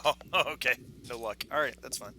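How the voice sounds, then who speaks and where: A man runs a tabletop game as game master, describing scenes in a loose, chatty way full of fillers and restarts. His voice is very bright at a middle pitch. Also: a little fast. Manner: chatty, frequent fillers and restarts, laughs often.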